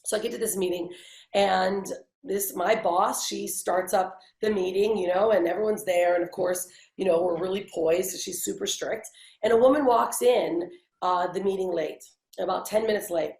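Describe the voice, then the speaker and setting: A woman in her forties talks as an interview guest, with a gravelly fry running through her mid-pitched voice. She tells her story conversationally and acts out the voices of the people she quotes. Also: normal speed, darkish tone, reverberant, poor audio. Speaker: interview guest, branding agency founder.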